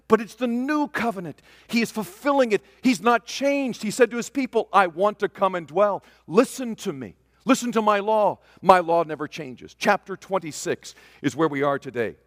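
A man preaching a sermon, swinging from loud declarations to hushed asides. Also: high-pitched, clean studio sound. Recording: long reverb of a large hall.

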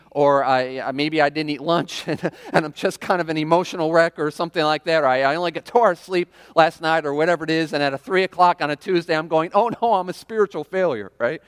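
A man's voice: a little high, clear, resonant tone. Male pastor, casual chatty sermon delivery, frequent audience check-ins, voice carrying a long church-hall reverb. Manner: conversational preaching with frequent "right?" and audience questions. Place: church sanctuary.

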